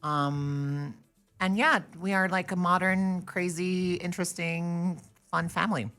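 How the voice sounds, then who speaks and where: A young woman who grew up in the Netherlands, a podcast guest chatting playfully with quick self-corrections. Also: lowish voice, steady tone, fairly bright tone, soft background music. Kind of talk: casual chat.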